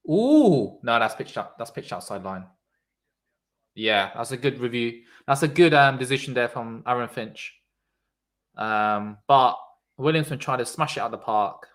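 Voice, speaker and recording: A man streams casual live cricket commentary in a medium-pitched voice at a normal speed. He reacts loudly to the play and chats with viewers in the chat.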